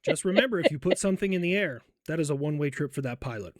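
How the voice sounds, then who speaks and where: A man's voice: on the high side, no room sound. Brash, profane man doing skit voices. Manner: brash, profane, quick switches between characters; mock military bravado. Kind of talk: comedy skit voicing several characters.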